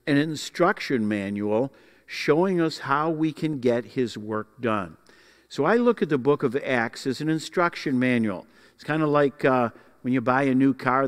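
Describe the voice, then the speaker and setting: A man teaching a Bible class in a folksy, explanatory way, pausing often to find his words. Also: medium pitch, clean tone, long reverb tail. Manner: folksy, explanatory, with frequent uh fillers.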